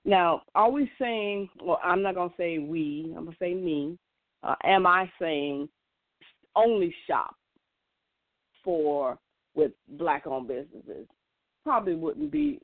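A woman's voice: lowish voice, animated, slow pace, long pauses, no room sound. A woman in a casual monologue, earnest and emphatic, often restarting her sentences. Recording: tinny, dry phone-like sound.

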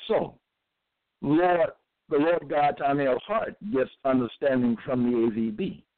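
A man reading scripture verses aloud and commenting on them in a deliberate, repetitive, halting way. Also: mid-range voice, no room sound. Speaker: self-styled religious teacher. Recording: tinny phone-like dry recording.

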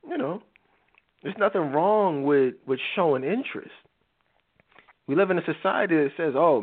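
High-voiced man lecturing over tinny audio. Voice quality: emphatic, preachy, animated. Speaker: show host. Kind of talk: live call-in talk show monologue.

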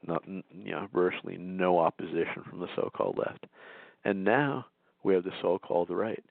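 A man hosting a political talk radio show, delivering indignant, sarcastic commentary with frequent restarts and a gravelly voice. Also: low voice, normal speed, no echo, narrow, tinny audio.

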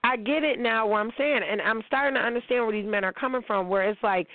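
A woman's voice: fairly high pitch, fast talker, dry recording. A woman hosting a casual relationship-advice monologue, blunt, emphatic and full of swearing. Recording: tinny phone-like, dry sound.

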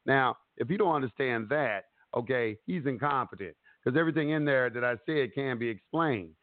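Guy on a tinny dry phone line, animated casual advice, repeats himself a lot. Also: medium pitch, moderate pace, few pauses, dry recording. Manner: animated, repetitive, acts out courtroom speeches. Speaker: host giving advice. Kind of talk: casual instructional chat.

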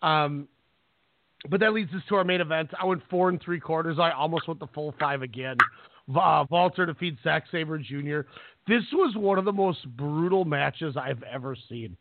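Male co-host, gravelly, loose rambling delivery, phone-line sound. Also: on the high side, slight background noise. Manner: rambling, halting restarts. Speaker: podcast co-host. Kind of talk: casual chat.

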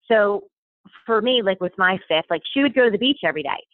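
A lively, quick-talking woman with a mid-range voice rambles through a casual podcast chat, often restarting and leaning on fillers. She's a stay-at-home mom, and her voice comes through dry and tinny, as if over a phone.

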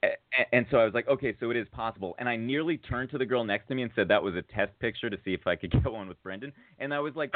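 A man on a podcast telling a long casual story, full of fillers and restarts, getting excited at the funny parts. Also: mid-range voice, fast, a crowd in the background. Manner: rambling, filler-heavy, rises to excited laughter at funny moments. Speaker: podcast co-host. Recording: tinny phone-like audio.

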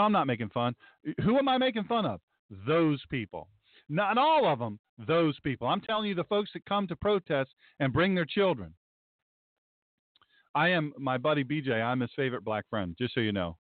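Brief: emphatic, sarcastic male pastor-host, high lively voice, tinny phone-like audio. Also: no echo. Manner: sarcastic, emphatic, repeats phrases. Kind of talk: sarcastic commentary talk show. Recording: dry, tinny phone-like sound.

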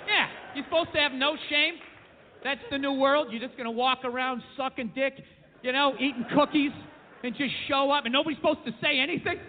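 High voiced guy doing a loud sweary stand-up rant, tinny recording w/ long echo. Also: brisk, a little hiss or hum. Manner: brash, profane rants that build to shouting. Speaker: stand-up comedian. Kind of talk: stand-up comedy set. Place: comedy club stage. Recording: tinny, phone-like club recording with long reverb.

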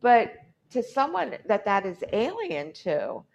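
A woman's voice: fairly high pitch, huge pitch swings, slow pace, creaky, muffled recording. A woman hosting a podcast in casual chat, rambling through stories with acted-out quotes. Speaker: podcast host.

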